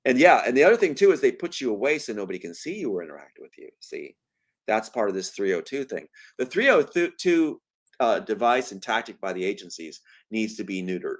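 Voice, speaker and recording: A man's voice: fairly low pitch, fairly quick. A man speaking as an interview guest, telling stories emphatically. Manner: animated, emphatic storytelling. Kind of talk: conversational interview.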